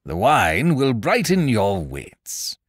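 Man voicing a loud, mocking tyrant king. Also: medium pitch, huge pitch swings, husky, dry recording, clean studio sound, pitched above the performer's own voice, exaggerated voice. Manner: loud, mocking, drawn-out bullying. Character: cruel, blustering middle-aged male king. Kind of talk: dramatic audiobook reading.

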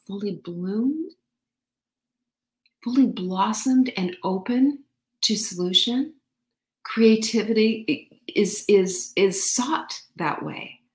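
A woman's voice: a little high, darkish tone, reverberant. A woman hosting a motivational live show who laughs often and asks her audience question after question. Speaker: host.

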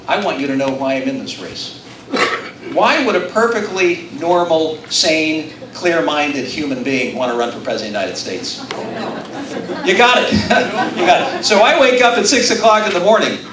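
A man's voice: fairly high pitch, lively intonation, normal speed, fairly bright tone, far from the mic, slight background noise. A middle-aged man from Utah gives a rousing campaign speech to a live audience in an event room, mixing self-deprecating jokes with appeals. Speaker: political candidate. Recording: echoey room, recorded from afar.

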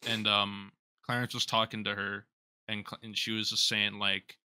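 A man in casual podcast chat, retelling a role-play story in a rambling, animated way with frequent laughs. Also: fairly low pitch, normal speed, smooth, no echo, clean studio sound. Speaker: streamer and podcast guest.

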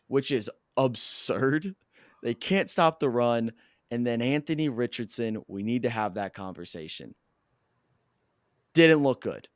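Hoarse, excitable male sports fan. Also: medium pitch, a little slow, dry recording, studio quality. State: hoarse, lost his voice. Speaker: podcast co-host; coach. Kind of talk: casual sports chat.

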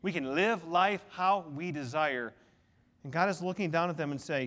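Male pastor, bright high voice that moves a lot, animated storytelling sermon, long church reverb. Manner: animated storytelling, quick shifts between soft and loud. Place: church sanctuary.

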